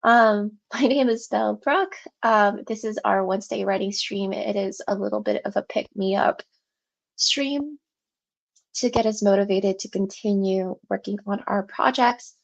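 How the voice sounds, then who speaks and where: At a measured pace, a woman with a mid-range voice and vocal fry chats casually with viewers during her writing livestream at home. Her talk rambles and she laughs often, sounding congested and out of breath with a sore throat.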